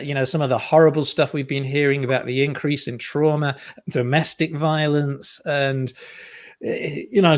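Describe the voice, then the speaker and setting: A man, a guest psychologist and author, explaining ideas in a relaxed, chatty way with many fillers over a video call. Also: medium pitch. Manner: relaxed, frequent fillers, self-deprecating humour. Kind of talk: casual explanatory interview talk. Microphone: earpiece on a video call.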